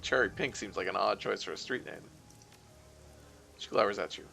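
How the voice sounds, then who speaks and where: A man's voice: lowish voice, normal speed, creaky, long pauses, sharp tone, soft background music. A man streaming a game, reading its text aloud with wry, offhand asides.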